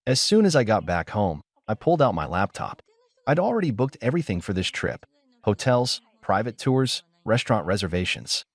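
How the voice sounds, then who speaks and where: A man narrating a first-person story in a steady, measured way. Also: on the low side, breathy edge, no room sound.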